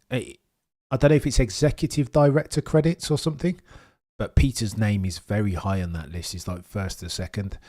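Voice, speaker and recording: A man with a fairly low voice hosts a live watchalong, rambling from one thought to the next. He jokes and gets excitable while he talks to his chat, sometimes with food in his mouth. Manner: eating while talking. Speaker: livestream host.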